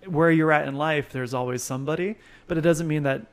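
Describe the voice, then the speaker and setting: A man's voice: on the high side, fairly even intonation, fairly quick, smooth. Laid-back rambling man. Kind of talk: casual chat.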